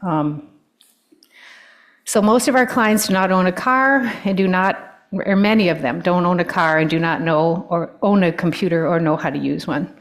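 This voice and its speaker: A woman, an older guest speaker giving a personal talk with stories, often pausing with ums and restarting sentences. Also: lowish voice. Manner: warm storytelling, with frequent ums and restarts.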